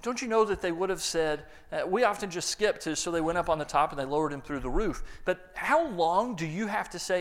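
A man preaching a sermon, acting out the voices in the story and swinging between loud lines and hushed ones. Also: sits high, expressive, brisk, hardly any pauses. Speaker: pastor.

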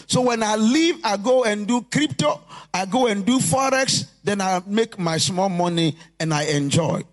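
High-voiced preacher shouting in sing-song. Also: male voice, expressive, measured pace. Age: adult. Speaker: pastor. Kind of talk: sermon.

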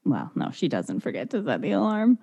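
A woman's voice: deep voice, a little fast, vocal fry, slightly rough, dull audio. A woman chatting casually, retelling a film scene by scene and laughing often. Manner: lively, laughing, acts out quotes. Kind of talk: casual chat recapping a film.

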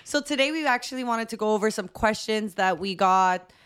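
A woman's voice: mid-range voice, a bit bright, smooth. A woman in her twenties co-hosting a podcast, chatty and teasing in casual talk. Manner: chatty, quick to laugh and tease. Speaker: podcast co-host. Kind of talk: casual chat.

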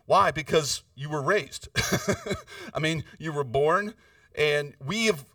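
A man's voice: a little high, animated, slow pace, bright, forceful tone, no echo, clean studio sound, recorded from a distance. A man preaching a conversational sermon as a pastor, earnest and personal, often checking in with "right?".

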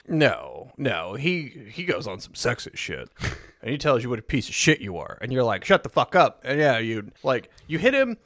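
Wry man with a lively voice. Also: medium pitch, moderate pace, no echo, studio quality. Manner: relaxed, swears freely, lots of fillers, wry. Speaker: podcast co-host. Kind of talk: casual chat recapping a game.

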